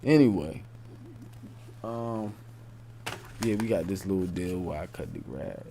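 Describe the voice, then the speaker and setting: A young man talks on a late-night live stream, rambling and circling back over the same points. His voice is low, dark and gravelly, and he speaks slowly. A faint hiss sits behind him. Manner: rambling, repetitive, informal speech.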